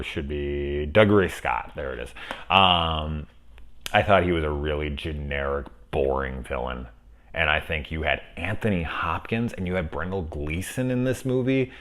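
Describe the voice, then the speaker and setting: A man casually talking through a spoiler film review, rambling and profane, with animated asides. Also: extremely low pitch.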